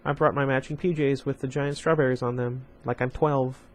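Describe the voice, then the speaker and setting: A man's voice: mid-range voice, little pitch movement, a little fast. Man reading a novel aloud, with chatty asides. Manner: reads the story plainly, breaking off for chatty asides to viewers. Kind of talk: casual story read-aloud with asides.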